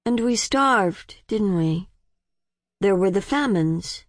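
A woman's voice: fairly high pitch, very animated, normal speed, no echo, studio quality, voice pushed up. A woman voicing a curious, defiant young woman of twenty who keeps asking pointed questions. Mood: probing.

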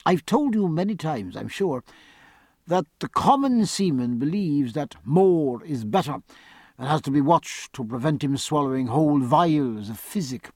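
A man's voice: a little high, expressive, measured pace, darkish tone, dry recording. A man as a dry, wry ship's surgeon.

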